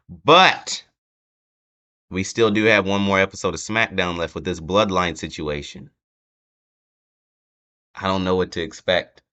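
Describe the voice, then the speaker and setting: A young man talks through wrestling predictions in a rambling, halting way, full of fillers and restarts. His voice sits a little low but sounds bright and forward. The recording is dull and lo-fi, like a home setup. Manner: rambling, hesitant, many fillers. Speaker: wrestling channel host. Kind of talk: casual prediction chat.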